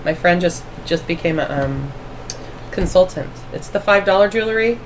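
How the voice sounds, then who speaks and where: A woman's voice: lowish voice, animated, moderate pace, a little hiss or hum, low-quality recording. Chatty, rambling middle-aged woman. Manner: chatty, rambling and laughing often. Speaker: podcast co-host and mother. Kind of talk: casual family podcast chat.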